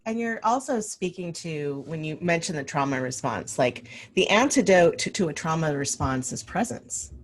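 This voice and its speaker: Low-voiced woman host, reflective. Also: lively intonation, normal speed, few pauses. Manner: reflective and explanatory, putting on brighter voices for quoted thoughts. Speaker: interview host and coach. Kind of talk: casual interview chat.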